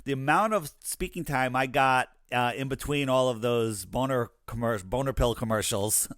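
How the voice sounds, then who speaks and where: A man chats casually as an interview guest, his voice sitting at a middle pitch. He tells anecdotes in an animated way, acting out the lines he quotes. The sound is dry and close, with no room around it. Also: normal speed, no echo. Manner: animated storyteller, acts out quoted dialogue. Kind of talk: casual conversation.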